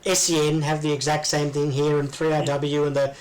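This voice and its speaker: Chatty Australian man, slightly high. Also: monotone, brisk, a little mellow, low-quality recording. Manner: rambling, full of ums and restarts. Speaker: podcast co-host. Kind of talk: casual chat.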